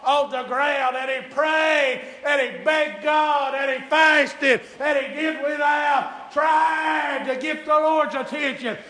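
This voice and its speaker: Male preacher, very high and sharp-toned, shouting sermon, echoey church. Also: fairly even intonation, slow pace, few pauses, a faint crowd. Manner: shouting, chanting preaching cadence.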